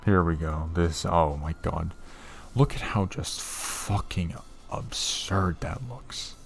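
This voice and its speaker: A man's voice: low-pitched, takes it slowly, vocal fry, soft background music. A young man hosting a casual coding tutorial, rambling and swearing with exasperated asides at his desk mic. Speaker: programming tutorial host.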